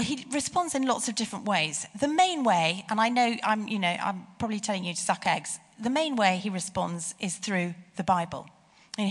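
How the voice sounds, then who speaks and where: A middle-aged woman preaching a sermon with personal stories, lively and emphatic on key phrases. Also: medium pitch. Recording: long hall reverb.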